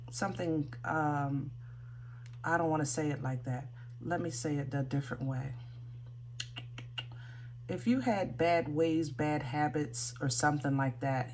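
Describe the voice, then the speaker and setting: A woman's voice: sits low, darkish tone, a little hiss or hum. A woman giving a casual tarot reading, thinking aloud with many fillers and restarts. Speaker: tarot reader.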